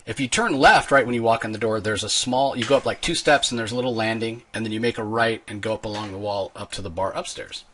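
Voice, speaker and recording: A man's voice: lowish voice, fast talker, hardly any pauses, a little hiss or hum. A man hosting a podcast, telling a long, rambling story in casual chat. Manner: rambling, animated storyteller with restarts. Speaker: podcast host.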